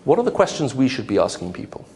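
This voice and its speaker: Animated man lecturing with humor. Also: mid-range voice, fast talker, a little hiss or hum. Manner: humorous, rhetorical questions, animated. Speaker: lecturer on apologetics. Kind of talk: lively lecture to a live audience.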